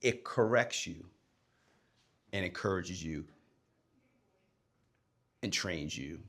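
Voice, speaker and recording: A man and former coach giving a motivational talk to young people, emphatic, swinging between loud and hushed delivery. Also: low-pitched, slow.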